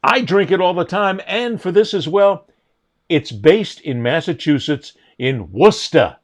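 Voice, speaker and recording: A man's voice: high-pitched, measured pace. A man co-hosting a sports talk podcast, chatting casually and plugging sponsors in a joking, hyped-up way. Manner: jokey, plugging sponsors with mock hype. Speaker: podcast co-host.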